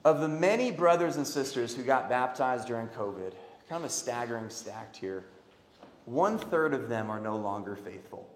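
A man preaching a sermon, swinging from loud emphatic calls to quiet earnest pleas. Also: medium pitch, lively intonation, moderate pace, slight background noise. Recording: echoey hall.

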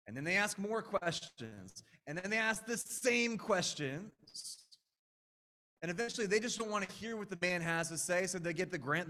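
A pastor preaching in an easygoing, earnest way, often restarting his sentences. His voice sits a bit high for a man and sounds bright and forceful. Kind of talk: sermon.

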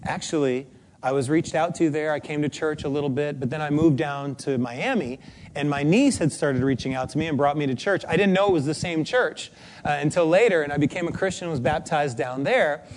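A man preacher voicing a classy eighty-year-old woman who speaks in a soft, near-whispering voice. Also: sits low, a little fast, close to an everyday voice. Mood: soft, gentle. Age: 80s. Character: classy elderly woman of eighty, gentle and grateful.

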